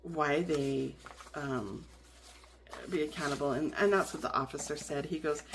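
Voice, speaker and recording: A woman's voice: low voice, normal speed, gravelly, a little hiss or hum. A woman vlogger chatting in a rambling way with lots of fillers and restarts while she decorates her planner. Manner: rambling, many fillers and restarts, laughs often.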